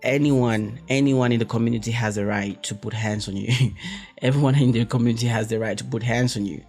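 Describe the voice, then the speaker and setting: A man from Africa, hosting a podcast in a rambling, profane, animated monologue full of restarts. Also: medium pitch, fairly quick, soft background music. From West Africa. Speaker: podcast host. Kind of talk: casual monologue.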